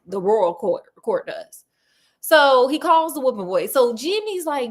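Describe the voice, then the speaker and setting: Chatty animated woman storyteller. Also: sits high, unhurried. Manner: chatty, animated, slangy, playful asides. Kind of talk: casual book retelling.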